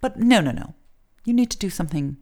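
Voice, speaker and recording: A prim, condescending guidance counselor with a put-on English accent, as a woman imitates her. The voice sits somewhat low, and she draws out "dear" in a snooty, talking-down way. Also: expressive, fairly quick, mellow. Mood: dismissive.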